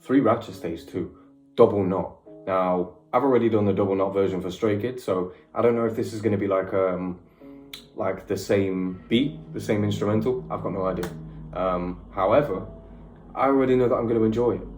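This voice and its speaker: A young British man doing a casual, excitable music reaction, chatty and slangy, with the odd swear. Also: fairly low pitch, brisk, roomy sound. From United Kingdom.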